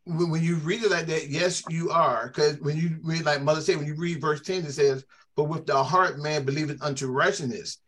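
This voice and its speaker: A man's voice: on the high side, steady tone, brisk, a bit bright. A man who is a church elder, explaining scripture step by step in a Bible study discussion.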